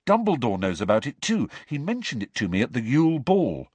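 A man's voice: medium pitch, huge pitch swings, fairly quick, a little mellow, breathy edge, no echo, pitched above the performer's own voice. A man voicing an earnest, bossy teenage schoolgirl witch in an audiobook reading, fretful and lecturing. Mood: anxious insistent.

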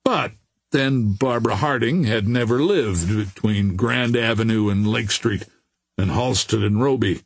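Gravelly man narrating an audiobook. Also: fairly low pitch, measured pace, no room sound. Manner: steady storytelling. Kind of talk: scripted narration.

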